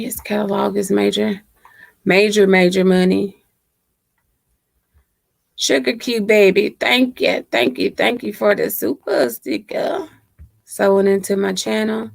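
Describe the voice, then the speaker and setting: A woman's voice: medium pitch, flat delivery, unhurried, vocal fry, long pauses, no echo, low-quality recording. A woman hosting a casual livestream, reading out viewer comments and greeting them by name. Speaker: livestream host.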